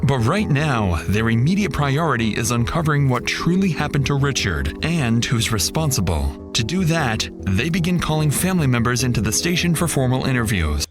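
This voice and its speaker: A man giving measured, dramatic scripted narration for a true-crime documentary. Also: medium pitch, very animated. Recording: voice-over with loud background music.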